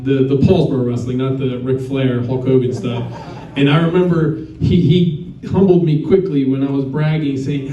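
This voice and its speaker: A man's voice: mid-range voice, dark tone, slight background noise. A man giving a rambling, self-deprecating hall of fame acceptance speech as a coach. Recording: roomy, distant, muffled.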